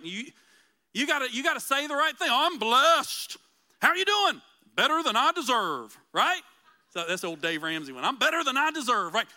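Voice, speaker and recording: A man preaching a conversational sermon as pastor, earnest and emphatic, slowing down to repeat key phrases. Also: extremely high pitch, sharp tone.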